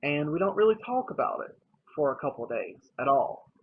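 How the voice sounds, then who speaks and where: A young man vlogs about his own life, speaking plainly to the camera in a casual, earnest and emotional way. His voice is on the high side and husky, fairly quick, with big pitch swings, in a slightly dull lo-fi recording with faint noise.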